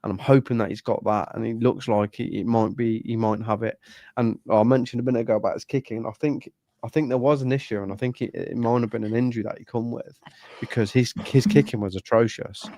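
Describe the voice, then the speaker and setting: A man's voice: mid-range voice, steady tone, fast, mellow, dry recording, studio quality. A man chatting casually about football, swearing freely and restarting his sentences. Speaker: podcast co-host.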